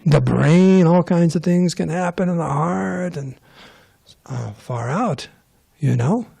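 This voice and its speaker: A man's voice: a little high, slow pace, creaky, mellow, breathy edge. A man giving a casual scripture class, rambling and joking with digressions. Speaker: temple class speaker.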